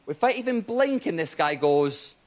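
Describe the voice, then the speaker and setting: A young man doing stand-up comedy on a TV studio stage, telling stories with a lively, checking-in "right?" delivery. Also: fairly high pitch, moderate pace. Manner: animated storytelling, keeps asking "right?". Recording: loud audience laughter and noise.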